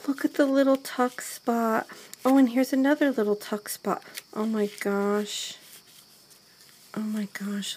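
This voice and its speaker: Woman vlogger, slow-talking, gravelly, husky, gushing craft unboxing on a handheld camera. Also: medium pitch, slight background noise. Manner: gushing, gasping, breaks into soft whispers. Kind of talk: excited unboxing chat to camera. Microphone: handheld camera mic.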